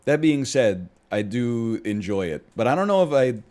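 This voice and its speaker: With a mid-range, darkish, sing-song voice at a moderate pace, a young man chats casually during gameplay. He rambles with jokes and riffs, now and then bursting into mock screams.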